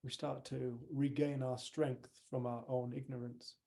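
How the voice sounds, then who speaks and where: A man's voice: medium pitch, level tone, unhurried, creaky, mellow. A man leading a workshop, giving a conversational motivational talk and retelling stories with quoted dialogue. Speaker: workshop leader.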